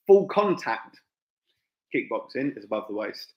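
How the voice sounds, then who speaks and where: Speaking at a moderate pace in a lowish, very animated voice, this middle-aged fight promoter and gym owner from England talks loosely with his live-stream audience, piling on fillers and side remarks. An echoey, dull room colors the sound.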